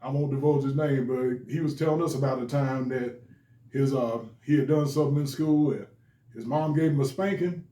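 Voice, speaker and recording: A man chatting casually with friends, relaxed and supportive, and quick to laugh. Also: mid-range voice. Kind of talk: casual chat. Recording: echoey room.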